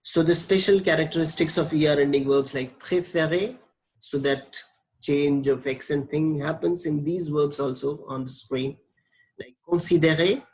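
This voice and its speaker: A man with a somewhat high, slightly mellow voice leads a slide-based lesson on French verb conjugation. He is slow and patient, spelling out letters and repeating forms. The recording is rough, with a little background noise.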